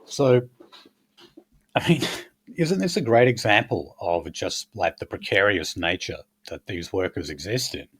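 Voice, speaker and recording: A man's voice: fairly low pitch, animated, measured pace, husky. A man hosting a casual political chat, blunt and crude, rambling with many fillers. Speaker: podcast host.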